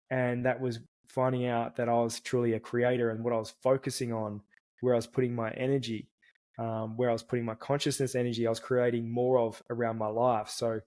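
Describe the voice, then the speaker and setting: Earnest man with a flat, even voice. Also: medium pitch. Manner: earnest, restarts words often. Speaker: podcast guest. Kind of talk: casual reflective storytelling.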